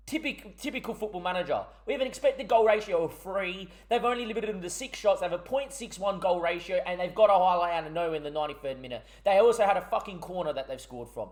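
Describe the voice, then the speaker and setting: A man's voice: sits high, animated, fast, hardly any pauses. A young man, a gaming YouTuber ranting through heated, swearing commentary on a match result.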